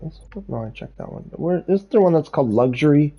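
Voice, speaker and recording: Here a man with a slightly high, husky voice speaks in a brisk, expressive way while livestreaming a racing game. He rambles through casual commentary, laughs often, and addresses his chat directly; the audio is dull lo-fi stream quality.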